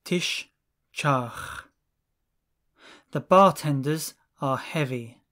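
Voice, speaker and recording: A language teacher reading lesson drills, saying each phrase slowly and deliberately, one at a time. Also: mid-range voice, a bit bright.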